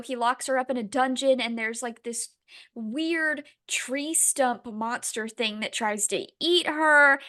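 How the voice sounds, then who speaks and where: A young woman co-hosting a book podcast, chatting casually and animatedly, swearing and acting out quotes. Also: high-pitched. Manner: animated, swearing, dramatic quoting. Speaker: podcast co-host. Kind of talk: casual chat.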